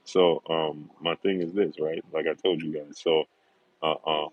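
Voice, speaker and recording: A man's voice: extremely low pitch, level tone, a little slow, highs cut off. A middle-aged man hosting a sports livestream, greeting viewers by name and making confident, emphatic predictions, repeating himself for stress. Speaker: sports talk show host.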